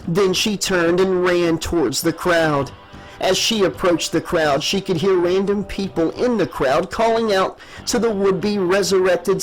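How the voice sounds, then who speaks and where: A man reading a horror audiobook as narrator in a measured, dramatic storytelling manner. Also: high voice, rough recording.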